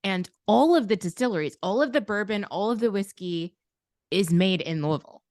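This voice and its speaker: A woman co-host trading friendly banter, breaking in with bursts of disbelief. Her pitch is ordinary and middle-range. The recording is dry and close to the mic. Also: animated, normal speed, darkish tone, no room sound. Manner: chatty, reacts with shocked exclamations. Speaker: podcast co-host. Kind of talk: casual chat.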